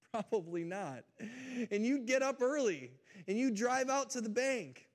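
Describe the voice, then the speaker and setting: A man preaching a sermon to his congregation, telling a story with animated energy and speaking directly to them. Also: extremely high pitch, slow pace. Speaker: pastor.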